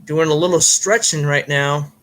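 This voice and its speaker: A man's voice: fairly high pitch, fairly even intonation, moderate pace, fairly bright tone, pitched below the performer's own voice, natural voice, poor audio. A man voicing a self-styled Irish fight commentator with a put-on, slightly off Irish accent, in comic play-by-play that is hammy and full of rambling fillers. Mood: mock-formal. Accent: put-on Irish, admittedly a bit off.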